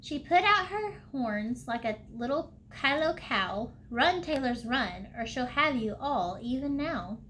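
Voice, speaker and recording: A woman's voice: high-pitched, lively intonation, unhurried, few pauses, a bit bright, a little hiss or hum, low-quality recording. A woman reading a storybook and voicing a cheeky chorus of tiny mice who chant rhymes in a sing-song way.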